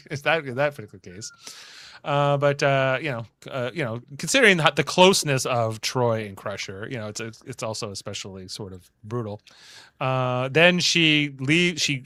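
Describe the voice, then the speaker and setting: Bright, dry-voiced man recapping an episode. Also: medium pitch, no room sound. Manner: rambling scene-by-scene recap. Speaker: podcast host. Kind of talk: casual podcast chat.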